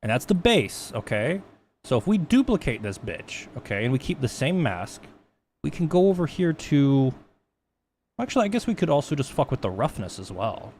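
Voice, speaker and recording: A young man talks his way through a live 3D-texturing tutorial in a medium-pitched voice. His delivery is rambling and loose, full of swearing and jokes at his own expense. A faint background hiss sits under the voice. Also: very animated, normal speed, a little mellow. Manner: rambling, profane, self-mocking. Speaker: streamer teaching 3D texturing. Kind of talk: casual live-stream tutorial.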